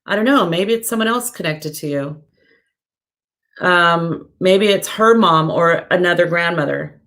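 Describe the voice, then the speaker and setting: A woman's voice: lowish voice, a little slow, fairly bright tone. A woman working as a psychic medium, giving live-stream readings to viewers in a chatty, searching way, with many fillers and self-corrections. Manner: reads viewer comments aloud.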